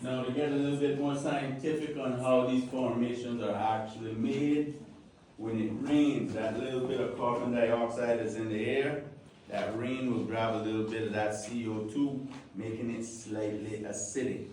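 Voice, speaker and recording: A man with a Caymanian accent guiding an outdoor cave tour, joking, lively and full of local slang. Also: mid-range voice, normal speed, recorded from a distance, a little hiss or hum. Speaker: tour guide. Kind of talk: guided tour talk.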